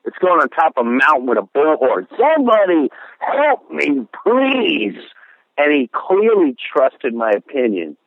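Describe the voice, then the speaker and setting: A middle-aged comedian guest with a mid-range voice and lively intonation tells a story in an interview at a moderate pace, with hardly any pauses and no echo. He is sincere and reflective, slipping into voices for the people he quotes, over a dry, tinny, phone-like line.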